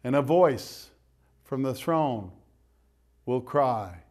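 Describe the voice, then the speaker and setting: A man's voice: medium pitch, animated, extremely slow, darkish tone. A man, a priest, giving a conversational sermon with direct asides to his listeners.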